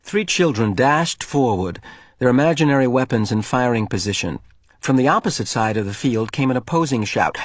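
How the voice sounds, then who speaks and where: A male teacher reading a novel aloud to his class in an expressive, storytelling way. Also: medium pitch, dry recording.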